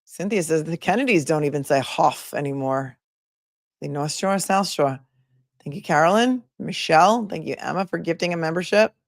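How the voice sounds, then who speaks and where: A woman attorney hosting a casual livestream, chatting and reading out viewer comments with quick asides. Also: low voice, creaky, no room sound, studio quality. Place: home in a remote area.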